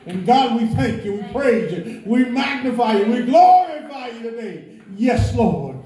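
Fervent high-voiced man praying in echoey church. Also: expressive, normal speed, hardly any pauses. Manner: repetitive, fervent, rising into shouts of praise. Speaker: prayer leader in church. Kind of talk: fervent spoken prayer. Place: church sanctuary.

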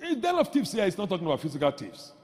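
Emphatic high-voiced pastor preaching. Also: male voice, huge pitch swings, very fast, in a large hall. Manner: emphatic, repeats phrases, rises to shouts. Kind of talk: sermon.

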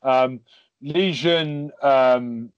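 A man's voice: mid-range voice, extremely slow, clean tone, dry recording. A man co-hosting a podcast in casual chat, hesitant and full of ums. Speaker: podcast co-host. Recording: dull dry lo-fi mic.

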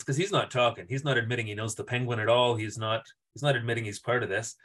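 A man's voice: medium pitch, steady tone, fast, few pauses, fairly bright tone. A man co-hosting a podcast, recapping a TV episode in casual chat, acting out the characters' lines and laughing often. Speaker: podcast co-host.

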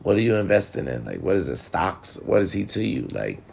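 A man's voice: low-pitched, big pitch swings, a little fast, gravelly, noisy background. A man talking to viewers in a blunt, profane, casual monologue, giving relationship advice. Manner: blunt, profane and talkative, addressing viewers directly.

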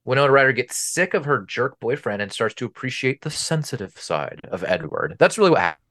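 A man's voice: mid-range voice, very animated, brisk, a bit bright. A man co-hosting a podcast, talking casually and at length about a film, with many fillers and restarts. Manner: chatty, explains at length with fillers. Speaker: podcast co-host.

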